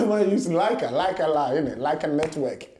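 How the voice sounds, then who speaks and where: Animated high-voiced Ghanaian man. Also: normal speed, roomy sound, heavy background noise. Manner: animated, laughing often, acts out quoted voices. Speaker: guest boxer. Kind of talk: casual storytelling interview.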